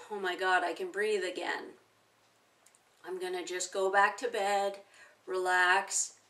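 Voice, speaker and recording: Slow, calm woman teaching a technique. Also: medium pitch, far from the mic. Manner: calm, explaining step by step with plain examples. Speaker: self-help teacher. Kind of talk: instructional talk to camera.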